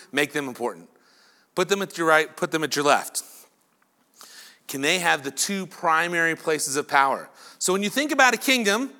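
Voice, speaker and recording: A male pastor giving a lively sermon who acts out imagined dialogue between the people in his story. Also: high-pitched. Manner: animated preaching, acting out imagined dialogue.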